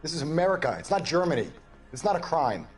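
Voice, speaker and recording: An actor playing a bitter, defensive shopkeeper accused of murder. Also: male voice, a little high, very animated, fast, faint music behind. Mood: indignant. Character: cornered, indignant middle-aged male shopkeeper. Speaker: murder suspect under interrogation.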